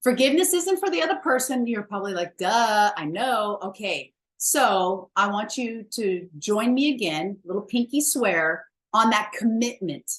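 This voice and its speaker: A woman's voice: on the high side, lively intonation, normal speed, hardly any pauses, fairly bright tone. A woman wellness coach giving a chatty, emphatic motivational talk, blunt and self-mocking, with the odd swear word.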